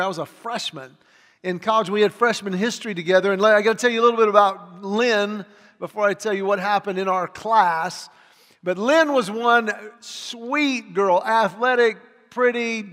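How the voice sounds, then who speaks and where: A man in his forties preaching a sermon, telling a story in an animated way and acting out the people in it. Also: sits high. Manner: animated storyteller, acts out quoted voices. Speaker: pastor. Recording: long hall reverb.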